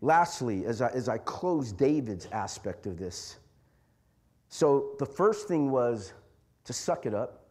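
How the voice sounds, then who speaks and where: A man's voice: mid-range voice, very animated, takes it slowly, a little mellow. A man preaching a sermon as pastor, impassioned and repeating lines for emphasis.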